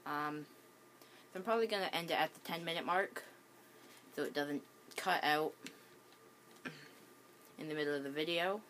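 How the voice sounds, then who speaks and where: A woman's voice: sits low, moderate pace, pauses often, fairly bright tone, a little hiss or hum. A woman with the hiccups giving casual gameplay commentary at home, hesitant, with many ums and restarts. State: has the hiccups. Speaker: gaming channel host.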